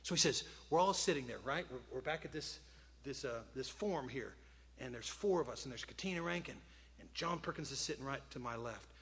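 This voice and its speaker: A male preacher delivers a sermon in a bright, sharp, husky mid-range voice at a brisk pace. He tells stories dramatically, sinking to hushed tones between plain stretches, while a long hall reverb trails his words.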